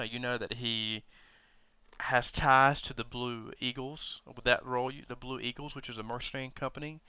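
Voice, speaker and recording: Gm guy narrating a tabletop game, bright clear voice, dry, lo-fi sound. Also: mid-range voice, dry recording. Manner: hesitant, many restarts while narrating. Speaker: game master. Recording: dull lo-fi.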